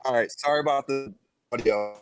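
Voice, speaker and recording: A man's voice: mid-range voice, fairly quick, clear, resonant tone, no echo, soft background music. Hesitant man asking on a phone call. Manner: hesitant, many fillers while building a question. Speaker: panel participant. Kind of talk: online debate panel. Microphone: phone over voice chat.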